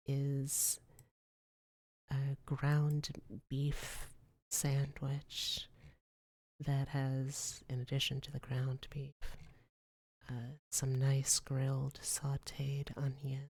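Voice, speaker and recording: A woman's voice: a bass voice, dark tone, dry recording. A young woman streaming ASMR, whispering and rambling in a casual, self-deprecating way into a close mic.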